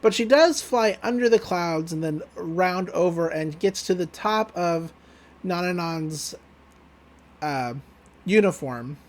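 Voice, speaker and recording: High-voiced man casually recapping. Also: expressive, takes it slowly. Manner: loose, joking retelling with laughs and swearing. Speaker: podcast co-host. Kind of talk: casual anime episode recap.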